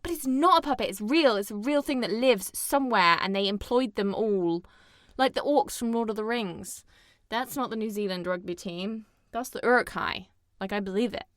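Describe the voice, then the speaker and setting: A woman's voice: mid-range voice, normal speed, no echo, clean studio sound. A young woman co-hosting a podcast, chatting casually and animatedly about a film, acting out scenes and swearing now and then. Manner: animated, swears, dramatic retellings. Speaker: podcast co-host.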